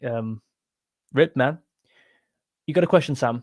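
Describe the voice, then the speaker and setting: A man's voice: medium pitch, unhurried, long pauses, no echo, studio quality. A young man hosting a football live stream, chatting casually and bluntly while reading viewer comments. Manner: chatty, blunt, self-deprecating, thanks donors warmly. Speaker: football livestream host reading chat.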